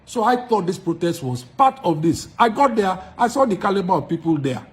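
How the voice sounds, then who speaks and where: Very animated and fairly quick, this high-sitting male voice belongs to a Nigerian-accented musician making a direct-to-camera address to his followers. He argues forcefully, repeating himself for emphasis.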